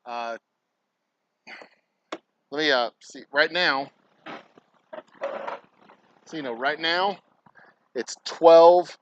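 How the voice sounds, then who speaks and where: A man's voice: a little high, very slow, pauses often, dull audio, slight background noise. A man livestreaming casual chatter while he works, rambling and swearing freely. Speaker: distillery owner livestreaming. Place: indoors at a distillery workspace.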